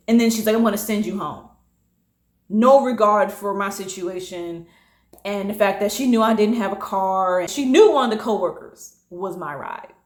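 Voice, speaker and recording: A woman in her late twenties, casually telling a personal story, animated and acting out what others said. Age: late 20s. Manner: animated, acting out quotes with big pitch jumps. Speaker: storytime vlogger. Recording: echoey room.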